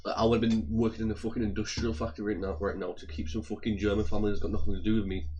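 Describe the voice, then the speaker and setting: Low-voiced man ranting, profane. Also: little pitch movement, very fast, warm tone, highs cut off, a little hiss or hum. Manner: profane, repetitive, stumbling over words. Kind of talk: heated casual rant.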